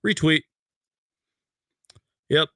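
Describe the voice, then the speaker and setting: A man's voice: bright, forceful tone, dry recording. Choked-up man ranting after a loss. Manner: emotional, halting, reads tweets aloud. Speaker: host. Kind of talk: post-game fan rant. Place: bedroom at home.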